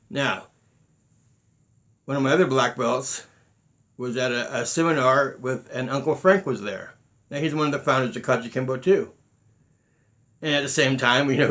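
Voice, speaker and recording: A man's voice: mid-range voice, fairly bright tone. A middle-aged man, a martial arts grandmaster, telling stories in earnest with many restarts and quoted exchanges. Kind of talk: unscripted talk to students.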